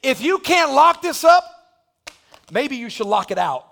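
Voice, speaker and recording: A male pastor delivering an impassioned sermon to a church congregation, joking one moment and shouting the next. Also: very high voice, sing-song, measured pace, gravelly, background noise. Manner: impassioned preaching that builds to shouting. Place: church sanctuary.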